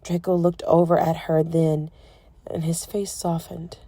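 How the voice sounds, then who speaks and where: A woman narrating a romance audiobook in a soft, emotive storytelling manner. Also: lowish voice, level tone, a little slow, dry recording. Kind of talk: scripted narration.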